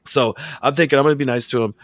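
A man telling a long story in casual chat, swearing often and acting out the people in it with loud voices. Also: mid-range voice, very fast, dry recording. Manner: profane, animated, acts out quotes loudly. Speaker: podcast guest telling a story.

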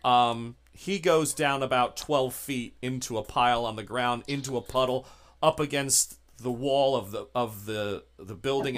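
A man running a tabletop horror game as game master, narrating scenes in halting bursts with many fillers. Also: mid-range voice, fairly bright tone. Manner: halting, many restarts and fillers while describing.

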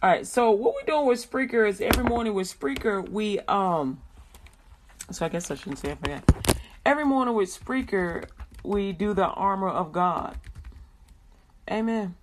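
A woman hosts a Christian radio show. She stretches out slow, heartfelt prayers, then slips into easy, chatty talk with plenty of laughter. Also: mid-range voice, expressive, noisy background. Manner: chatty, laughs often, drawn-out prayer phrases.

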